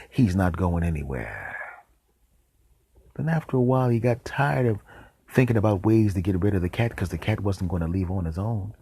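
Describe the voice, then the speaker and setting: Man, very low voice, husky, animated comic storytelling, whispered deadpan asides. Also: no room sound. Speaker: show host.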